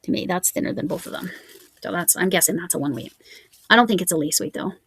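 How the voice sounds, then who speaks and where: A woman's voice: on the low side, quick pace, gravelly, fairly bright tone, slightly rough, no room sound. A woman crochet vlogger chatting casually at home, musing aloud as she reads out yarn labels. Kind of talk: casual show-and-tell chat.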